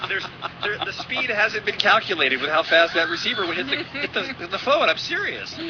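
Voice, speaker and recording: A man co-hosting a radio call-in show, brisk and teasing as he takes callers. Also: high-pitched, expressive, lo-fi sound, background noise. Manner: brisk, teasing, runs the calls.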